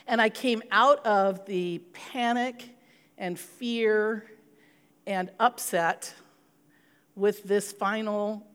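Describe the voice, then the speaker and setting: A middle-aged woman pastor speaks at a mid-range pitch in an earnest, personal way. She shares stories and slips into prayer. Her voice rings with the long reverb of a church hall. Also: fairly even intonation, extremely slow, clear, resonant tone. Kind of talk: sermon.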